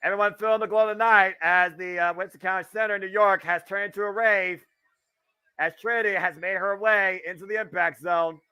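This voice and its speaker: A man's voice: high-pitched, fairly even intonation, brisk, clean tone, lo-fi sound. A man from the Midwest of the US, hosting a casual live wrestling watch-along with wisecracking, swearing commentary. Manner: chatty, wisecracking, swears freely.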